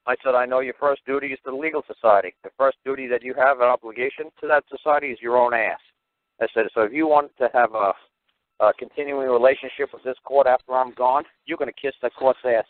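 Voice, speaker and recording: Fast-talking blunt man on talk radio. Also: medium pitch, dry recording. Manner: blunt, profane, animated storyteller. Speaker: radio show host. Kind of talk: call-in radio talk, storytelling. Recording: tinny phone-line radio audio.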